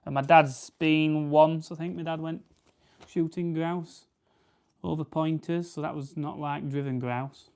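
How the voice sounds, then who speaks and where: A man's voice: on the high side, fairly even intonation, unhurried, darkish tone, clear, resonant tone. A man from Barnsley with a Yorkshire accent, chatting casually on a livestream while preparing game birds, rambling and correcting himself as he answers viewers. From Barnsley, England. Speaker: farming channel host.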